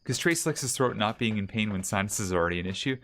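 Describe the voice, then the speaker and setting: Lively low-voiced man streaming a ghost game. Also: fast, a little hiss or hum. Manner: chatty, talks to himself and chat, asks the ghost questions. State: mild allergies. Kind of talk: casual game commentary.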